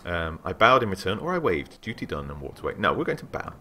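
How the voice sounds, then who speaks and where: Excitable low-voiced man reading a game aloud. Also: fast, a little hiss or hum. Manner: excitable, animated, reads aloud with asides. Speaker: let's play host. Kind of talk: let's play commentary and reading game text.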